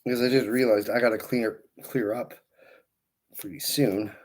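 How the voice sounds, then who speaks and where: A man's voice: mid-range voice, steady tone, moderate pace, darkish tone, a little hiss or hum. A man chatting casually with viewers on a livestream, greeting them by name and rambling through friendly asides while he twists balloons. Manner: works with his hands while talking. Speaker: balloon twister streaming live.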